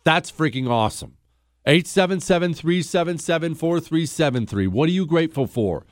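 A man's voice: on the high side, lively intonation, normal speed, no echo, studio quality. A man hosting a call-in talk radio show, talking in a conversational, emphatic and opinionated way.

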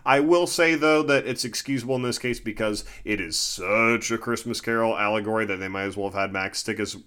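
A man's voice: fairly low pitch, a little fast, clean tone. A man co-hosting a casual movie discussion, swearing freely and acting out scenes as he talks. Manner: animated, swearing, acts out scenes.

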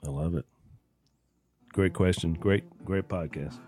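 A man's voice: low voice, measured pace, warm tone, soft background music. A man co-hosting a podcast, chatting casually and telling a story, acting out the people in it. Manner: storytelling, acts out voices in anecdotes. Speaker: podcast co-host. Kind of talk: casual chat.

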